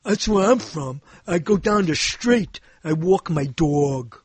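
A man with a Brooklyn accent voicing a laid-back local guy who speaks slowly and plainly. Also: fairly high pitch, lively intonation, a little mellow, husky, no echo, full character voice. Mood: easygoing.

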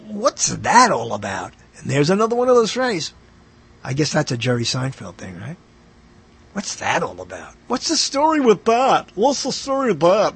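A male radio host rambles casually about movies, interrupting himself, trailing off with lots of "uh" and short laughs. His voice is high-pitched and husky, recorded with no room sound.

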